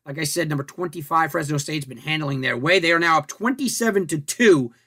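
A man's voice: a little high, a little fast, fairly bright tone, husky. A man hosting a sports talk show, breaking down rankings and stats in a conversational way, thinking aloud and asking rhetorical questions. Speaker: sports radio host. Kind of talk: casual sports talk and analysis.

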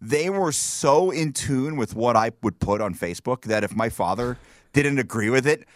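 A man casually telling stories on a podcast, animated and stumbling over restarts, acting out quotes. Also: mid-range voice, normal speed, no echo, studio quality. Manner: animated storyteller, many restarts, acts out quotes. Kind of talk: casual chat, storytelling.

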